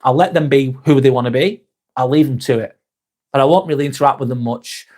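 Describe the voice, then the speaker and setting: A man's voice: medium pitch, brisk, a little mellow. A man, hosting a casual live stream, chatting to viewers by name, laid-back and swearing freely. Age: 40s.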